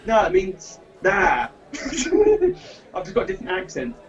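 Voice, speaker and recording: A man's voice: high voice, lively intonation, measured pace, dull audio, loud music behind the voice. A man co-hosting a casual chat, jokey and teasing, laughing often.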